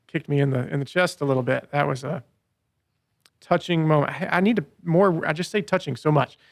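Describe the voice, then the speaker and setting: A man's voice: fairly high pitch, a little fast, vocal fry, no echo, studio quality. A man co-hosting a podcast, recapping scenes in a casual chat and quoting lines with playful voices. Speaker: podcast co-host.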